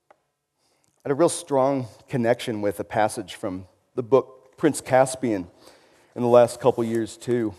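A man giving an informal, sermon-style talk in a reflective, conversational way. His voice sits at an ordinary middle pitch. A long reverb from the hall follows his words. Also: fairly even intonation, moderate pace, pauses often, warm tone.

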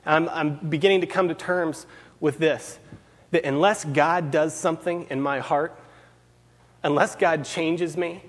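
A man's voice: on the high side, fairly even intonation, measured pace. Earnest preacher man in a reverberant hall. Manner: earnest, repeats key phrases for emphasis. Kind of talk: sermon.

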